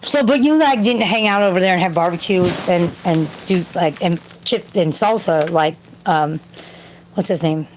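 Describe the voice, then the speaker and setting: At normal speed and a lowish pitch, with a little hiss or hum in the background, a woman hosts a casual indoor stream from her home. Reading chat, she rambles and curses, chatting with viewers and yelling at her cat.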